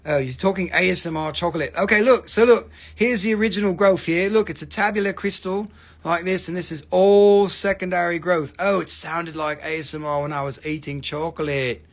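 High-pitched guy hyping rocks on a live sale, jokey, swears a lot, rambles. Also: brisk. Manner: excitable, joking, swearing, rambling. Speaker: host of a live crystal sales stream. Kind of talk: live sales patter.

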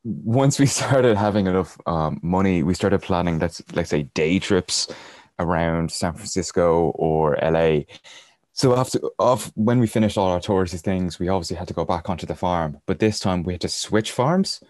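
Deep-voiced man telling travel stories. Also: normal speed, darkish tone, no room sound, clean studio sound. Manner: rambling, chuckles through his anecdotes. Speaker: podcast guest. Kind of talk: casual storytelling.

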